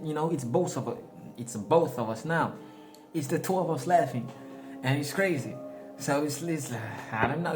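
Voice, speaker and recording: A man giving a casual, rambling spiritual talk, slangy and often laughing at his own jokes. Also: a little high. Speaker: spiritual vlogger. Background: background music.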